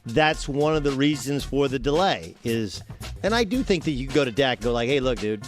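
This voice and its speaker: A man hosting sports talk radio, making his case emphatically and leaning on everyday comparisons. His pitch is average for a man, and faint music plays beneath him. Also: lively intonation, normal speed. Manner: emphatic, argues with everyday analogies. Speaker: fill-in sports talk host.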